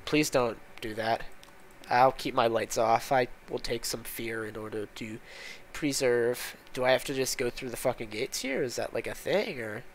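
A man's voice: medium pitch, moderate pace, slight background noise. A man talking over his gameplay in a casual, exasperated way. He swears constantly and mutters complaints as things go wrong. His commentary is loose and unscripted. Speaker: gaming channel host.

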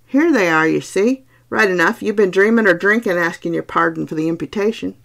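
A woman's voice: fairly low pitch, fairly quick. A woman voicing a blunt Irish country doctor. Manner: gruff, teasing, forceful. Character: raw-boned male Irish village doctor, blunt and scoffing.

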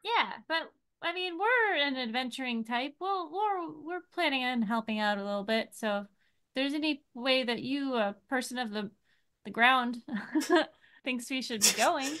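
A woman's voice: high-pitched, lively intonation, unhurried, a bit bright, clear, resonant tone. A woman speaking in character in a tabletop game, friendly and chatty. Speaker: player.

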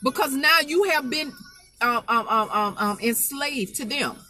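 A woman's voice: high-pitched, lively intonation, measured pace, sharp tone, a little hiss or hum. A woman preaching an informal spoken sermon, emphatic and folksy, repeating her phrases to drive the point home.

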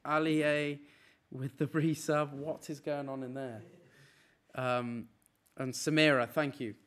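A man's voice: medium pitch, fairly even intonation, fairly bright tone. A young man streaming from a room, chatting casually and rattling off a long list of names. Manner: rattling off names in a quick run. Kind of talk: casual live-stream chat. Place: apartment room.

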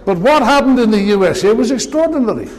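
A man's voice: very high voice, expressive, fast, darkish tone. Impassioned male speaker in a reverberant hall. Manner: impassioned, mocking asides. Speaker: political speaker. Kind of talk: live political speech. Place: large meeting hall.

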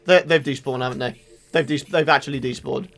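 A young man giving let's play commentary, excitable and exasperated, ranting with sudden outbursts. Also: medium pitch, fairly quick, gravelly, a little hiss or hum. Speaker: gaming channel host.

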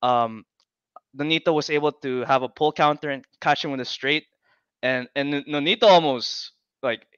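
Man, smooth voice on a dull line. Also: a little high, no room sound. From Philippines. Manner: relaxed, halting, lots of fillers and restarts. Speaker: guest boxing commentator. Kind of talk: casual chat.

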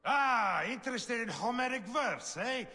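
A man's voice: extremely high pitch, lively intonation, a little slow, sharp tone, in a large hall, exaggerated voice. An actor playing a grand, flowery male scholar-poet guiding a stranger in a video game. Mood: theatrical. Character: theatrical male scholar-poet, cousin and guide.

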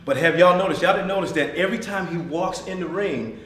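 A fairly high-voiced man gives a lively motivational talk to an audience, laughing often and calling on people. His voice jumps between shouts and near-whispers. He is recorded from across an echoing meeting room with faint room noise behind him. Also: fairly quick, recorded from a distance. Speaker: motivational speaker.

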